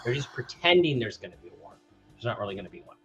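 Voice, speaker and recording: A man's voice: mid-range voice, animated, rapid-fire. Brief: male co-host, confident lecturer, mid-range voice, faint music under. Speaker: podcast co-host. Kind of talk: casual chat.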